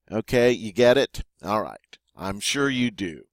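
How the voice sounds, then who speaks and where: A man's voice: lowish voice, animated, measured pace, no room sound, clean studio sound. A man teaching a vocabulary lesson, saying each word twice and then giving its meaning. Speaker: French teacher.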